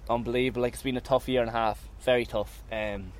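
A man's voice: mid-range voice, fairly even intonation, fast talker. A man who has just won a golf event, talking emotionally about his round and his family. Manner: emotional, thankful, talks of nerves. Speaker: winning golfer interviewed after a round. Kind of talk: emotional post-round interview. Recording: faint outdoor noise.

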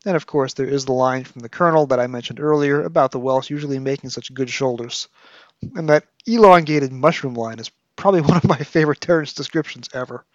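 A man's voice: mid-range voice, brisk, no room sound, muffled recording. A man hosting a podcast, reviewing a novel with analytical, wry commentary and reading excerpts aloud. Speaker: podcast host.

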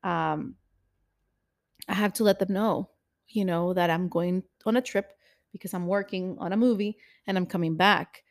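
A woman's voice: fairly low pitch, fairly even intonation, moderate pace, creaky. A woman co-hosting a podcast, talking candidly and reflectively in casual conversation. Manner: candid, confessional, self-reflective. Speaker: podcast co-host. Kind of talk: casual chat.

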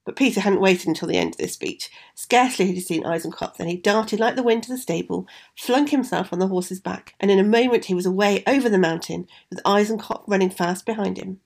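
A woman reading a fairy tale aloud in a measured, expressive way. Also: medium pitch, gravelly. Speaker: storyteller.

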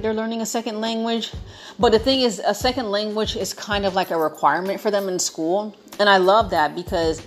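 Young american woman vlogging, chatty and playful, keeps repeating words for emphasis, soft music under it. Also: mid-range voice, normal speed. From United States. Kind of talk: casual chat to viewers.

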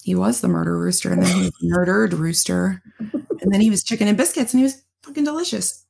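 A woman co-hosts a podcast in a lowish, darkish, gravelly and husky voice, talking at a quick pace. In casual chat she tells blunt, profane stories and laughs often.

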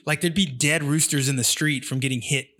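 A man from San Jose telling a story in a casual chat, profane and animated, acting out the quotes. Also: a little high, fairly quick. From San Jose, California.

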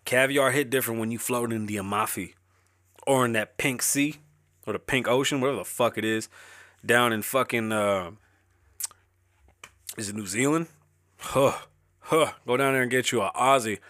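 A man's voice: on the low side, normal speed, long pauses, a bit bright, no room sound, clean studio sound. A young man hosting his own show, rambling loosely and swearing constantly as he riffs casually, speaking as a rapper. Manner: rapper, says he is an artist. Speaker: show host. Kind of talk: casual profane monologue.

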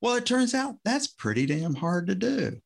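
A man with a gravelly, slightly creaky voice talks casually as a podcast guest. He rambles and restarts his sentences, chuckling now and then as he tells stories about coaching. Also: high-pitched, sing-song, normal speed. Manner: rambling, self-interrupting, chuckling storyteller. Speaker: former swim coach, guest.

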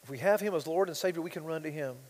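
A man with a high voice preaching a sermon in a big hall with a long echo. He drops to quiet asides, then builds to loud, impassioned passages, reading scripture with mounting force. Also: very fast. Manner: reads scripture aloud with rising intensity. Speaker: pastor.

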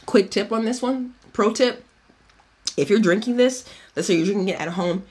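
A man's voice: sits high, lively intonation, normal speed. A man hosting a podcast in a casual chat, giving a cocktail recipe in a chatty, profane way and drifting off on tangents. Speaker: podcast host.

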